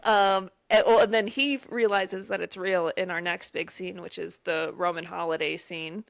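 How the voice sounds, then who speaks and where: A woman co-hosting a podcast, recapping a film plot in a relaxed way with dry asides. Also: on the low side, moderate pace, vocal fry. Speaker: podcast co-host. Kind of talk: casual chat.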